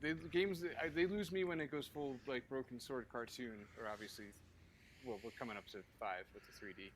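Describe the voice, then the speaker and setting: A man's voice: mid-range voice, fairly quick, slight background noise. A man co-hosting a casual podcast chat, dropping dry joking asides. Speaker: podcast co-host.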